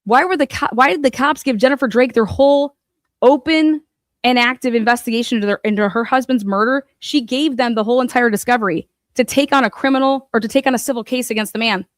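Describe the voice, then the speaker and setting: A woman with a fairly high voice delivers a furious rant, swearing hard and mocking her targets. Her sound is close and dry, with no room around it, and she talks like a true crime commentator venting to her audience. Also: quick pace, no echo. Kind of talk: angry profane rant.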